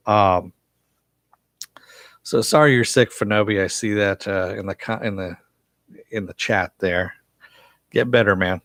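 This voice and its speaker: A man's voice: fairly low pitch, unhurried, long pauses, fairly bright tone, no echo, studio quality. A man recapping a TV episode on a live stream, rambling with lots of fillers and chuckles. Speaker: TV show reviewer.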